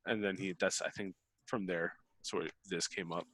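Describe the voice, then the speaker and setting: Low-voiced man chatting loosely. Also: flat delivery, brisk, a bit bright, dry recording. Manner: rambling, many fillers. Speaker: book club member. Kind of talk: casual chat.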